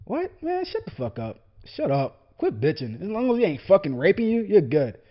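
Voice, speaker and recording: A man putting on a gruff, dismissive prison warden who scoffs at complaints, his voice jumping up high in disbelief. The sound is dull and lo-fi, like a home podcast recording. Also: huge pitch swings, moderate pace. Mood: scoffing. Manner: scoffing, brushing off.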